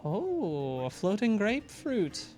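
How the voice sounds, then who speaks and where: A woman co-hosting a game stream, chatting in a relaxed, hesitant way with many fillers. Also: medium pitch, slow, soft background music. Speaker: co-host. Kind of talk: casual gameplay chat.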